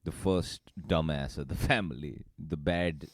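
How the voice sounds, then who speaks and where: A man co-hosting a podcast in casual comedic chat, laughing often and swinging between low mutters and loud bursts. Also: unhurried, dry recording, studio quality. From Indian family background. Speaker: podcast co-host.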